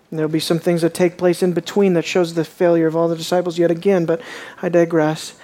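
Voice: mid-range voice, little pitch movement, fast talker, warm tone. A preacher giving a conversational sermon, asking rhetorical questions of the congregation and dwelling on details.

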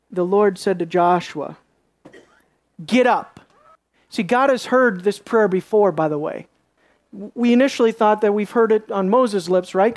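A preacher giving a sermon, reading scripture aloud and asking the congregation questions, dropping into soft low asides and rising into sharp emphasis. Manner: reads scripture aloud and asks the listeners questions.

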